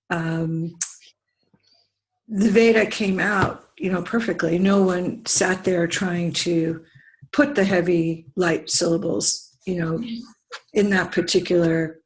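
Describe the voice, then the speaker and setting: A student hesitantly working through a question about poetic meter, with many pauses and fillers. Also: medium pitch, fairly even intonation, rough recording. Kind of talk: asking questions in class.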